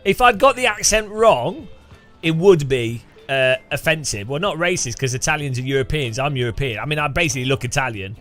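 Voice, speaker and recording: A man's voice: fairly high pitch, animated, fairly quick, fairly bright tone, soft background music. A man streaming a racing game, chatting casually to viewers in a rambling, self-mocking way with frequent chuckles. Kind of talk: casual live gameplay commentary.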